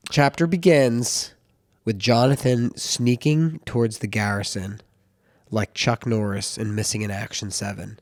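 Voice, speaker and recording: A man's voice: fairly low pitch, fairly even intonation, a little slow, a little mellow, dry recording, studio quality. A man, a pastor co-hosting a church recap show, chatting casually and telling stories in a playful, jokey way. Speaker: pastor and co-host. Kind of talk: casual chat recapping a sermon.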